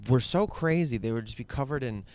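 A man's voice: mid-range voice, lively intonation, brisk, darkish tone, slight background noise. A man telling a candid personal story, rambling and swearing, with many fillers and restarts.

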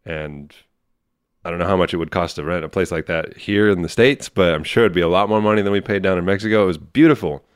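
Man, very low smooth voice, casual swearing banter, dry sound. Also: quick pace, no echo. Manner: profane, relaxed storytelling. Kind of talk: casual chat.

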